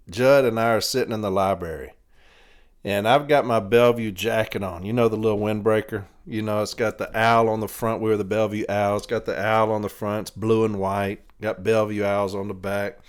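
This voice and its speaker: A man hosting a podcast, telling a long rambling story in a casual way, laughing between phrases and swearing freely. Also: fairly low pitch. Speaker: podcast host.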